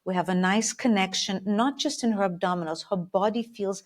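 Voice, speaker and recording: A woman's voice: medium pitch, moderate pace. A woman working as a Pilates instructor, explaining her coaching approach in a thoughtful, step-by-step conversational way.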